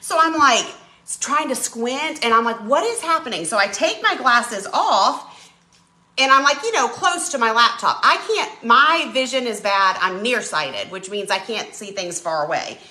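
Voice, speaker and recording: A woman hosting a live craft stream, her voice bright and a little high as she tells stories with dramatic flair. Her pitch swoops up and down freely, and her voice rings around an echoey room. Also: normal speed. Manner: animated, dramatic storyteller. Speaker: craft channel host. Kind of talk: casual live-stream chat while painting.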